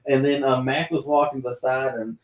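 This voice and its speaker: A man's voice: mid-range voice, normal speed. A man in a tattoo shop chatting casually and retelling comedy scenes with energy. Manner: animated storyteller who acts out the scenes. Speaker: tattoo artist. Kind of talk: casual chat while tattooing. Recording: echoey room, mic far off.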